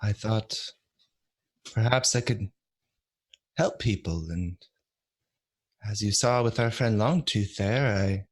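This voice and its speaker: Brief: man doing a weary healer-hero adventurer, low, slow, halting, solemn.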